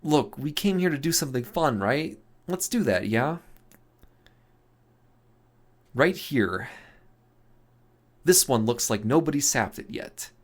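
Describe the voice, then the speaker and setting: A man's voice: medium pitch, animated, a little slow, pitched above the performer's own voice. Man voicing easygoing, coaxing Emil. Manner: coaxing, reassuring. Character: easygoing young man Emil, soothing and sure of himself.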